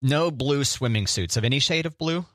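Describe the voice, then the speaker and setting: A man's voice: mid-range voice, lively intonation, normal speed, no room sound, studio quality. A man co-hosting a casual chat show, a jokey rambling storyteller who hums little sound effects. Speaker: podcast co-host.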